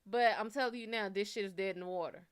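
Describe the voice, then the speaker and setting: A woman's voice: mid-range voice, fast talker, clean tone. Candid, profane woman telling a story. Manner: candid, profane, animated storytelling with quoted dialogue. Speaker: psychic reader host. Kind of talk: casual storytelling.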